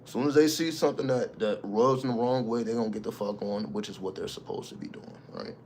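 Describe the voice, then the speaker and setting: Low-voiced man, emphatic and profane. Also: quick pace, a little mellow, slight background noise. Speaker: channel host. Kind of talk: casual spiritual monologue.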